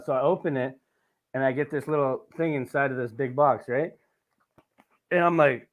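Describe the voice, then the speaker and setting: A man's voice: mid-range voice, a little fast, narrow, tinny audio. A man hosting a casual podcast, telling a rambling, profane story with lots of asides. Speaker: podcast host.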